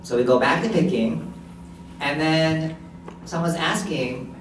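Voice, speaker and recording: A man serves as a live interpreter, voicing a deaf presenter's signed story in first person with short restarts. His voice is on the high side and he takes it slowly, recorded in an echoey hall on a distant mic with background noise.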